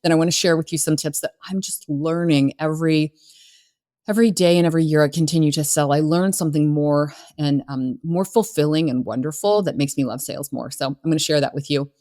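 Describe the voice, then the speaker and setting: A middle-aged woman with a low voice talks through her ideas in an easy, unscripted way. She is earnest and chatty, often stopping to restart a thought, the way a coach does on her own podcast. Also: brisk. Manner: warm, earnest and conversational, with many fillers and restarts. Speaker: business coach. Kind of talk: solo podcast talk.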